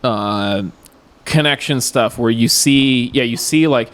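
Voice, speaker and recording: A man's voice: mid-range voice, slow pace, fairly bright tone, smooth. Podcast dude rambling on, laughs a lot, voice jumps up when he's into it. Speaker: podcast co-host. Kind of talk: casual chat.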